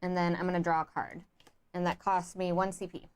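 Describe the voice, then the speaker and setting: A woman co-hosting a board game playthrough in casual chat, excitable and quick to laugh, often calling out to the viewers. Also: on the low side, clean tone. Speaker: board game player and co-host.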